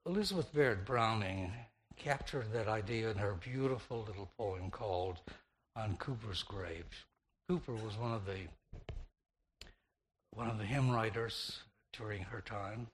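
A man preaching a slow, meditative sermon, repeating phrases and shifting the stress from word to word. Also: fairly low pitch, a little hiss or hum.

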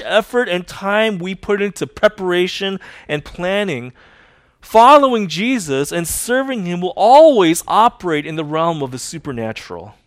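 An emphatic male pastor preaching a sermon, repeating his key lines for effect. He rises to loud declarations, then drops to quiet, drawn-out phrases, all recorded close and dry. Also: high-pitched, lively intonation, no room sound.

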